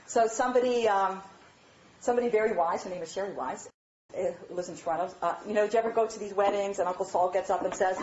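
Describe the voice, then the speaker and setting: A woman giving a lively, chatty lecture on marriage, often checking in with her audience. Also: mid-range voice, fast, a little hiss or hum. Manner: animated, chatty, asks "all right?" often. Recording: dull, roomy hall recording.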